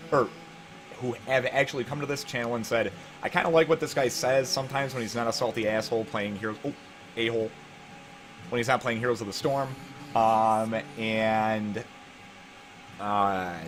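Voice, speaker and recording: Rambling man chatting on a live stream. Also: fairly low pitch. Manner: rambling, self-deprecating storytelling. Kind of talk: casual live-stream chat while gaming. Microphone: desk microphone.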